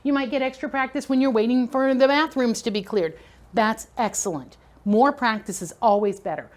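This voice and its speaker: A middle-aged woman with a fairly high voice leads a teacher training session. She talks in an easy, conversational way and keeps checking in with her listeners as she explains. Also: moderate pace. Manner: conversational, checks in with "okay?" and "right?".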